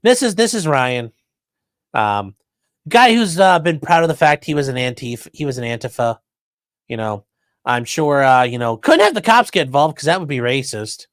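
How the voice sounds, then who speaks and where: A man's voice: medium pitch, normal speed, dry recording. A man hosting a podcast, commenting sarcastically and profanely on news clips. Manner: sarcastic, profane, animated mockery. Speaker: podcast host.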